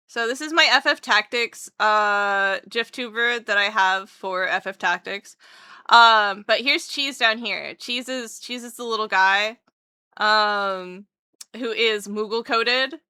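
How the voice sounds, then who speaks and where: A young adult woman livestreamer chatting casually with her viewers, bubbly and excitable, with jokey self-mocking asides and a voice that leaps up when she greets people. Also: medium pitch, unhurried, clean tone, no room sound, clean studio sound. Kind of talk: casual chat with live viewers.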